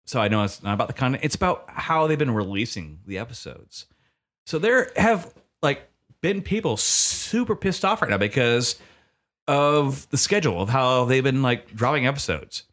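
A man's voice: medium pitch, expressive, moderate pace, fairly bright tone. A man in casual chat, heated and swearing as he complains, laughing easily. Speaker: podcast co-host.

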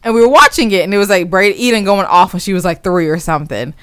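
Una mujer que conversa de forma casual, contando una historia con animación y soltando risitas mientras habla. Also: female voice, mid-range voice, quick pace, smooth, no echo. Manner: giggly, keeps chuckling while she talks; animated storyteller. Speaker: podcast co-host. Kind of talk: casual chat.

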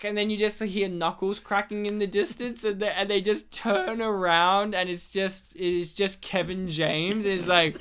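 A woman's voice: medium pitch, fairly even intonation, moderate pace, hardly any pauses, fairly bright tone, smooth. A woman from Poland, co-hosting a casual film chat, joking and laughing often as she acts out scenes. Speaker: podcast co-host. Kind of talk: casual chat about films.

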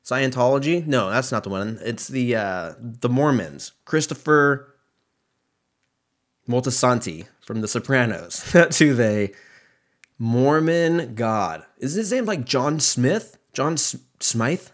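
A man's voice: mid-range voice, animated, slow. A young man hosting a solo podcast, rambling in a profane, self-mocking way as he talks. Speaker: podcast host. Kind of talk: casual solo podcast rant.

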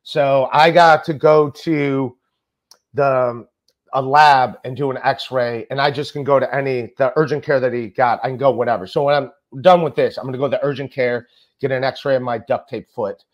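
A man's voice: medium pitch, steady tone, moderate pace, dull audio. A man hosting a casual podcast chat, rambling and stammering as he talks. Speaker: podcast host.

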